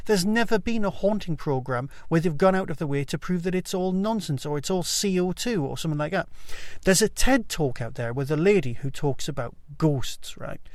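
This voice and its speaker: A man's voice: high voice, dry recording, clean studio sound. A man hosting his own podcast, reviewing in a chatty, enthusiastic way with rambling asides. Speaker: podcast host. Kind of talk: casual solo review.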